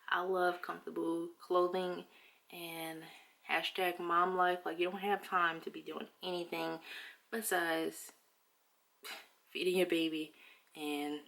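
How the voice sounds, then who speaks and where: Young woman vlogger, low and gravelly, casual and chatty, a bit breathless. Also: a bit bright. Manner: chatty, fillers, lots of "like". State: slightly out of breath. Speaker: beauty vlogger. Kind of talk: casual haul chat.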